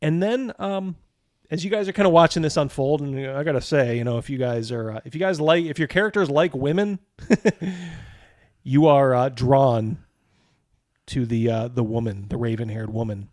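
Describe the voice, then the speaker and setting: Halting game-master man, dry sound. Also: mid-range voice, darkish tone, no echo. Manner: halting, full of fillers. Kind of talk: narrating a tabletop game.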